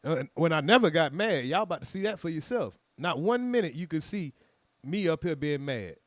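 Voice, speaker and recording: A man's voice: fairly high pitch, expressive, moderate pace, no echo. A man hosting a reaction channel, talking heatedly to his live chat with lots of swearing and rhetorical questions. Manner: heated, profane, rhetorical questions, calls out chatters. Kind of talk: commentary monologue to a live chat.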